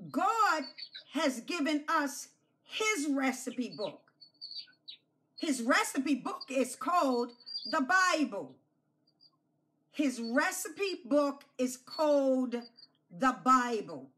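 Woman pastor, high bright voice, unhurried children's lesson with lots of repetition. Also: sing-song, a little hiss or hum. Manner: slow, emphatic, repeats key phrases; coaxes children to repeat after her.

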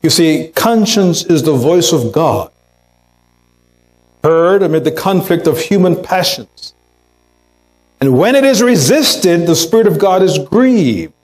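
Pastor in a church sermon: a man with a high, unhurried, earnest delivery. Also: sing-song, darkish tone, poor audio. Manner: earnest preaching, acts out quotes in a raised voice. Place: church sanctuary.

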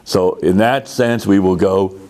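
A man's voice: deep voice, steady tone, unhurried, warm tone. A man teaching a conducting lesson, patient and explanatory, often repeating words as he goes. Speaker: music teacher.

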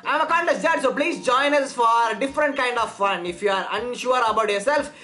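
Woman reading a courteous contest judge, bright high voice. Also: brisk, soft background music. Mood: polite. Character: polite female contest judge.

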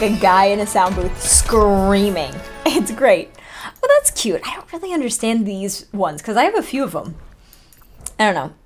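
A young woman chatting excitedly as she opens items on her gaming vlog, full of rambling asides. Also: medium pitch. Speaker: gaming vlogger. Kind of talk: casual unboxing commentary.

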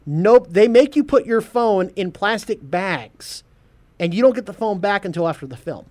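A man hosting a casual geek news podcast, animated, laughing often and stumbling over his words. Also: sits high, normal speed. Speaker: podcast host.

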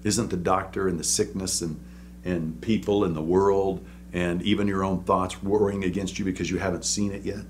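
A man's voice: low voice, level tone, normal speed, a little hiss or hum. A man preaching in an informal, conversational way, walking through a Bible passage with restarts and dramatic quoting.

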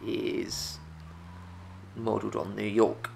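Gravelly Essex man, slow gaming chat. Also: fairly low pitch, a little hiss or hum. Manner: chatty, excitable, talks to viewers. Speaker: gaming YouTuber. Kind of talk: let's play commentary.

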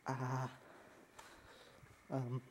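A man's voice: mid-range voice, monotone, drawn-out words, background noise. A young man acting in an amateur short film, talking nervously with constant stammers and restarts. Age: young adult.

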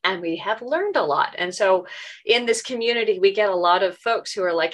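Woman, host, chatty, filler-heavy, video call, medium pitch. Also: expressive, fairly quick. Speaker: meeting community host. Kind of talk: casual online meeting chat.

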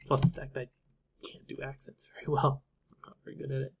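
A man's voice: medium pitch, completely flat delivery, brisk, creaky, husky. Man musing over a strategy game. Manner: musing to himself, trailing off with fillers. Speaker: gameplay commentator. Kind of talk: casual let's-play commentary.

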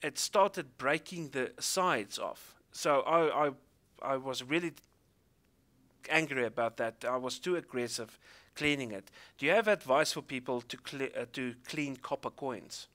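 South African male host, bright voice, chatty, hesitant delivery. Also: mid-range voice, a little slow. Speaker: interviewer. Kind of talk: casual interview.

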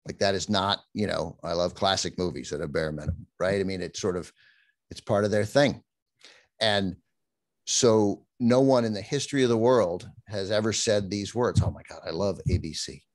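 A middle-aged man, a film channel host, talking in an animated interview, often breaking off and restarting his sentences. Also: lowish voice, moderate pace, dry recording. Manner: animated, self-interrupting, does mock newscaster voices. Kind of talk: conversational interview.

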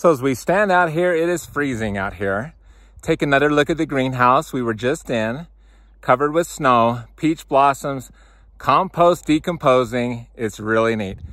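A man in his forties with a bright, forward voice walks and talks through a snowy farm, filming himself on a handheld camera. He is casual and upbeat with his viewers and keeps calling them guys. He is out of breath from shoveling snow. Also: medium pitch, expressive, a little slow, dry recording. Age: 40s. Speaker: farmer and channel host. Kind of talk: casual walk-and-talk farm vlog. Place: outdoors in snow and inside a greenhouse.

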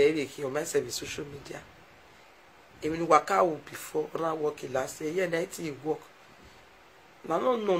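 A woman with a Nigerian Pidgin English accent chats casually with live stream viewers, emotional and effusive as she repeatedly thanks them from the heart. Her voice is low, and the poor audio carries a little hiss or hum.

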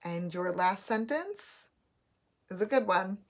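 A woman teacher giving a recorded spelling test, dictating words slowly and repeating each one. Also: mid-range voice, animated.

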